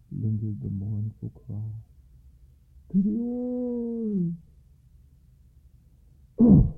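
Expressive male radio storyteller, tinny sound. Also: lowish voice, slightly rough. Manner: expressive, dramatic reading. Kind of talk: storytelling reading.

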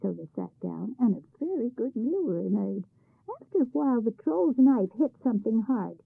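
Husky woman reading a folk tale. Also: fairly high pitch, lively intonation, moderate pace, no echo. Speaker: narrator. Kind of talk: storybook narration. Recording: tinny phone-like sound.

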